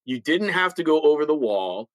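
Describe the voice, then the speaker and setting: In poor audio with no room sound, a man in his fifties, once a police officer, recounts stories candidly during an interview. He's blunt and emphatic, has a slight lisp, and keeps restarting, repeating words at sentence openings. His voice runs a little high with big pitch swings, at normal speed.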